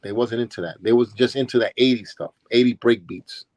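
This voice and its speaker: An older man from Brooklyn, New York, a former DJ and dancer, tells stories as a guest in a casual interview, changing his voice to act out the people he quotes. His voice is mid-range, a little mellow and slightly fast, with no room sound.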